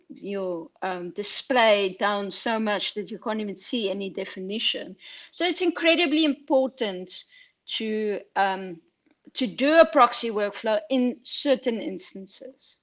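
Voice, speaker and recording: A woman's voice: mid-range voice, a little slow, a bit bright. A woman film editor, speaking candidly over a video call in an online Q&A, chatty and full of fillers and asides. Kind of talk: online Q&A talk.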